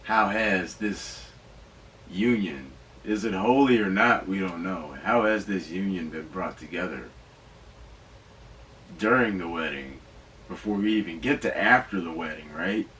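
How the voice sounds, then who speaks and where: A man hosting a podcast, rambling excitedly and swearing through casual riffs. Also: low voice, measured pace, recorded from a distance, a little hiss or hum, low-quality recording. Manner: excitable, profane, rambling with asides. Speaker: podcast host reviewing movies. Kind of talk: casual riffing commentary.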